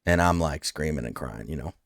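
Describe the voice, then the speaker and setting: A man's voice: very deep voice, a little fast, dry recording, studio quality. A man hosting a casual interview, rambling through a heartfelt story with many fillers. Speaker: podcast host.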